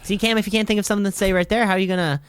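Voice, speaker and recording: A man's voice: high voice, steady tone, racing, clean tone, dry recording, studio quality. A man co-hosting a casual comedy podcast, teasing his co-host in mock-serious banter.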